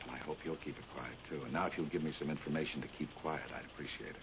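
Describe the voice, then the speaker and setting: An actor playing a calm, dry-witted professor who helps the police, polite but firm. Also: male voice, very deep voice, racing. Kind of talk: 1960s TV drama acting. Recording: dull old TV soundtrack, hiss.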